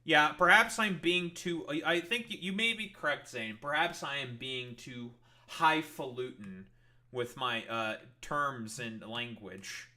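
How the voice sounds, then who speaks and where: A man's voice: mid-range voice, a little slow, pushed and bright. A male streamer ranting at his chat in a profane, sarcastic, exasperated way. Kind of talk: heated livestream rant at chat.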